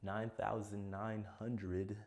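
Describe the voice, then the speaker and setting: A tired man counts numbers aloud one after another for a video meant to help people fall asleep. His voice sits very low, and he plods along wearily, sighing and losing track now and then. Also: little pitch movement, slow pace, darkish tone. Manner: tired, plodding counting with sighs and slips. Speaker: content creator. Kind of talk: slow counting for sleep.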